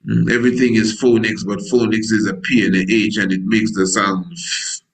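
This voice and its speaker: A man's voice: lowish voice, little pitch movement, normal speed, low-quality recording. A male priest preaching a sermon in a folksy, digressive way, full of wordplay, who acts out scripture dialogue in different voices.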